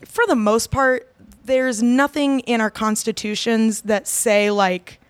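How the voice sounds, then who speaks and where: Chatty woman with a smooth voice. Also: on the high side, steady tone, slow, no room sound. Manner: rambling, many fillers and restarts. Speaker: podcast co-host. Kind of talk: casual chat.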